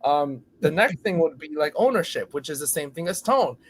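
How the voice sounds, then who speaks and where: A man talking as a podcast guest about teaching kids to speak, lively and acting out voices of students and teachers. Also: a little high, moderate pace, a little hiss or hum. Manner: animated, acts out students and teachers in exaggerated voices. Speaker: podcast guest, school storytelling educator. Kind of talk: casual podcast conversation.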